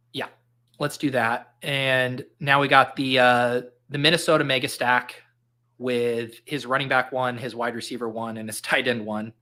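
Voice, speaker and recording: A man's voice: mid-range voice, sharp tone. A man hosting a casual podcast, rattling off names and numbers and telling jokey stories. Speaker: podcast host. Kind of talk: casual podcast chat during a fantasy football draft.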